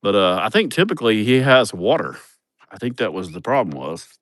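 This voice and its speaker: Chatting loosely on a livestream from an outdoor building site, a man shows his project, swearing and cracking himself up with his own tales. His fairly bright voice runs low with big pitch swings, delivered briskly in a dry recording.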